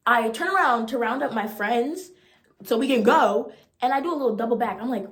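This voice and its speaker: Animated, slangy young woman telling a story. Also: on the high side, a little fast. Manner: animated and slangy, acting out the voices. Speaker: vlogger. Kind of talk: storytime vlog. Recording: roomy echo.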